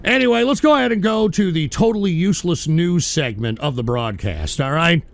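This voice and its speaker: A man's voice: a little high, lively intonation, a little fast, gravelly. A man hosting a radio show, ranting angrily and swearing at his audience. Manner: profane, exasperated, ranting. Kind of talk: angry live-stream rant.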